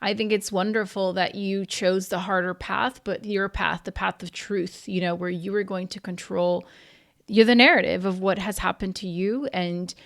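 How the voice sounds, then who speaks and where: Host, woman, mid pitch with a gravelly edge; supportive, reflective delivery. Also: fairly even intonation, moderate pace. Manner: affirming, reflective. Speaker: podcast host. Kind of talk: supportive interview conversation.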